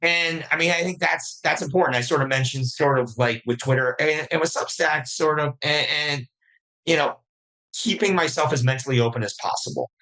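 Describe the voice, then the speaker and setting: Guy on a podcast, bright voice, talks fast in bursts and acts out little quotes. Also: on the high side, poor audio. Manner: animated, quick restarts and acted-out quotes. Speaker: podcast guest, fund manager. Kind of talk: casual interview talk.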